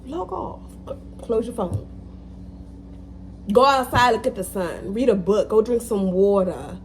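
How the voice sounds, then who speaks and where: Animated woman giving a pep talk. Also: medium pitch, unhurried, a little hiss or hum. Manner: animated, preachy, repeats phrases for emphasis. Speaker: vlogger. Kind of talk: casual motivational talk to camera.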